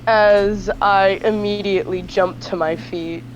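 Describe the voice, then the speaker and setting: A woman playing a tabletop game, calmly describing her character's moves in an unhurried way. Her delivery is relaxed and casual, with a faint hiss of background noise. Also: medium pitch, lo-fi sound. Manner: relaxed, describes actions in first person. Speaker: player. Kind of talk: casual in-character play narration.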